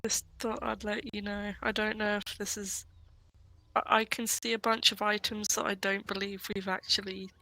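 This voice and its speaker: A woman's voice: medium pitch, flat delivery, moderate pace, pushed and bright, rough recording. A woman playing in a tabletop game, talking hesitantly with many ums and apologies. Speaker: player.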